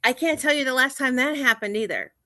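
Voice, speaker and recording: A woman guest on a casual video chat interview, animated, retelling her days in quick bursts with quoted self-talk. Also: sits high, dry recording, clean studio sound.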